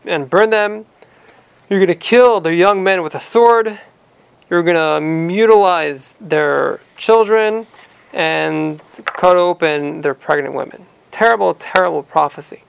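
A man's voice: sits high, unhurried, creaky, clean tone, no room sound, low-quality recording. A man teaching a scripture passage, reading verses in Ashkenazi-accented Hebrew and then retelling them in plain English. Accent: Ashkenazi Hebrew pronunciation. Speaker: Torah teacher. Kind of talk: explaining a scripture text to a student.

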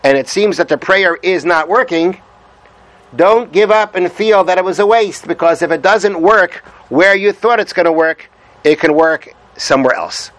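Man, Torah lesson, somewhat high-pitched, explanatory, repetitive, translates Hebrew quotes. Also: moderate pace, fairly bright tone, no room sound, poor audio. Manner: explanatory, repeats points, restarts often; reads Hebrew texts aloud and translates them. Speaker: Torah teacher.

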